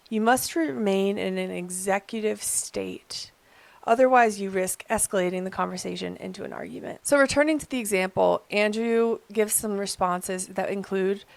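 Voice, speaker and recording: A woman hosting her own channel, explaining in a calm, earnest, measured way. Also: mid-range voice, gravelly, no room sound. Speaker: channel host. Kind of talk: explainer video talk.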